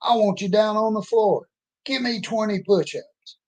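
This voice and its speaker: A man voicing a gruff, angry male army drill sergeant who barks clipped orders while telling a story. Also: high-pitched, a little slow, a little mellow, voice pushed up. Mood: barking.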